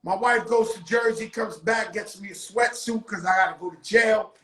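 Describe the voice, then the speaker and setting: A man telling a story on his show in casual street talk, loudly acting out the quotes. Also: high voice, normal speed, roomy sound, soft background music, rough recording. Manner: animated, acts out quotes loudly. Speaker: show host.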